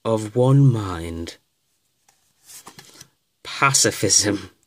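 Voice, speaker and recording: Lively, unhurried man opening card packs. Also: on the low side. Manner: reads card names aloud with excited exclamations. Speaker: card pack opener. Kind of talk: casual unboxing commentary.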